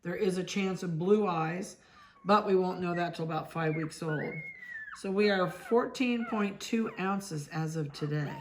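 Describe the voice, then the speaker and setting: A middle-aged woman from Ohio, a dog breeder, chatting casually as she handles puppies and talks softly to them. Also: on the low side, measured pace, slight background noise.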